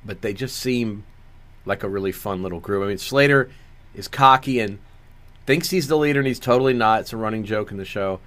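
A man's voice: fairly low pitch, a little fast, a bit bright. A man co-hosting a movie podcast, giving dry, opinionated takes with wry asides. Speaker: podcast co-host. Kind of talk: casual movie review chat.

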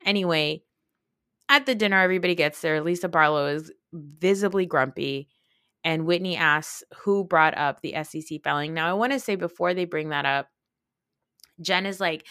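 A woman's voice: fairly low pitch, normal speed, fairly bright tone, no room sound, clean studio sound. A woman hosting a podcast, recapping and ranting in a casual, exasperated way and swearing freely. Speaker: podcast host.

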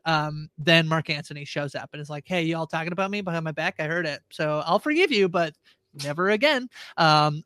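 A man co-hosting a TV recap podcast, relaxed and amused, chuckling as he retells scenes. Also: on the high side, no echo. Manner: relaxed, amused, laughs at his own retellings. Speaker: podcast co-host. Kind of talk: casual recap chat.

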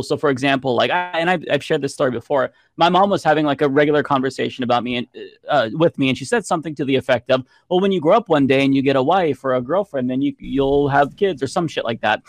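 A man's voice: mid-range voice, quick pace, hardly any pauses, dry recording, clean studio sound. A man on a political panel, telling a personal story in a chatty way. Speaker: panel commentator. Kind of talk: casual personal anecdote.

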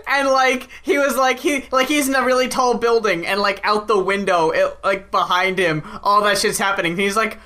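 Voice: medium pitch, steady tone, moderate pace, few pauses, pushed and bright. A speaker in a casual podcast chat who swears freely and acts out little scenes.

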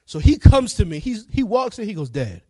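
A middle-aged preacher with a fairly high voice delivers a sermon, telling a story and swinging from quiet, low passages to loud, shouted peaks. The recording is close and dry, with no room sound. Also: male voice, expressive, a little fast, no room sound. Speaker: evangelist preacher.

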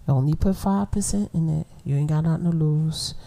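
Blunt, animated woman. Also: low-pitched, a little fast, creaky. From Brooklyn, New York. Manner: blunt, animated, laughs often. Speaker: podcast host. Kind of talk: casual storytelling monologue.

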